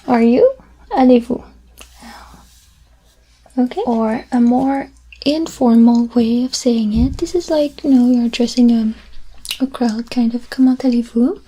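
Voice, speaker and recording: Whispering in a role-play, a woman plays a French teacher, speaking softly and patiently as she repeats each word slowly. Her voice is a little high and husky.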